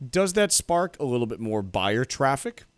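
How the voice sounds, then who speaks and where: A man's voice: mid-range voice, sing-song, normal speed, clean tone, dry recording. A man co-hosting a financial news radio show, chatting casually with some dry humor. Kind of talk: casual market news chat.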